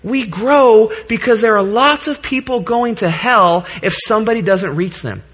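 A man's voice: high-pitched, normal speed, fairly bright tone, husky. A man in his thirties preaching a sermon to his congregation in a church, earnest, joking at times and getting choked up. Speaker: pastor.

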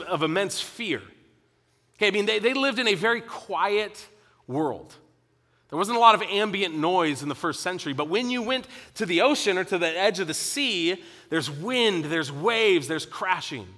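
A man preaching a sermon to his congregation, animated at times and dropping to a quiet intensity at others. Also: high voice, long reverb tail. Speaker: pastor.

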